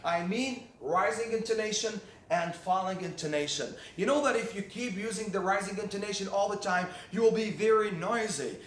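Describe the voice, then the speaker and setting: A man's voice: high voice, fairly quick, hardly any pauses, roomy sound, slight background noise. A man, a teacher, giving motivational classroom tips to other teachers, emphatic and repeating key words for stress.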